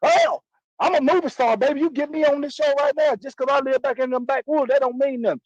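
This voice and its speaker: A man's voice: extremely high pitch, brisk, no room sound. A man putting on a boastful, rowdy backwoods moonshiner character, talking in a brash, rambling, hollering way for a comedy sketch. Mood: boisterous. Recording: dull lo-fi dry sound.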